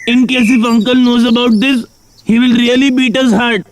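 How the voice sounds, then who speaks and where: A man's voice: very high-pitched, flat delivery, moderate pace, background noise. A man voicing a timid, worried young boy in a cartoon dub, stammering and hesitant. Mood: fretful. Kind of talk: cartoon dubbing.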